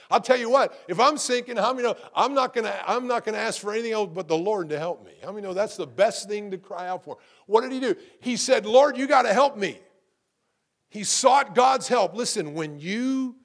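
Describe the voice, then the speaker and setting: Gravelly high-voiced male pastor preaching. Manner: animated preaching with rhetorical questions, repeats words. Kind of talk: sermon.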